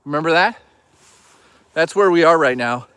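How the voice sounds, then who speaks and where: A man's voice: on the high side, lively intonation, moderate pace, a bit bright, clear, resonant tone, no room sound. A man live-streaming from a woodland hike, rambling and swearing as he jokes and reads chat. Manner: rambling, profane, jokey. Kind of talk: casual live-stream chatter.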